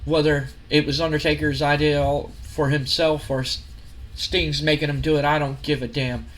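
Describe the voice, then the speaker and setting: A man voicing a furious older male wrestling company boss who demands revenge and shouts threats. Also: on the high side, flat delivery, moderate pace, slight background noise, natural voice. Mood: angry.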